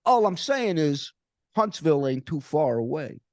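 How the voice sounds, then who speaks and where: A man putting on the voice of a menacing tough guy with a cane, talking in a gruff, curt mafia style. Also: a little high, very animated, unhurried, no room sound, studio quality, pitched above the performer's own voice. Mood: gruff threatening.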